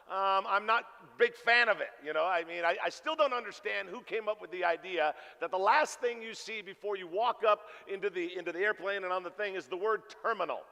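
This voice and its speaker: High-voiced pastor guy cracking jokes in a sermon, gravelly edge, big echoey church. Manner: animated, jokey, acts out dialogue. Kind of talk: storytelling sermon. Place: church sanctuary. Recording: reverberant church hall.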